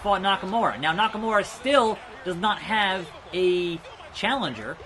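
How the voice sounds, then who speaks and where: A young man giving rambling let's play commentary, chatting about wrestling news and reacting loudly to the game as he plays. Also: high-pitched, lively intonation, normal speed, crowd noise. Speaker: gaming YouTuber.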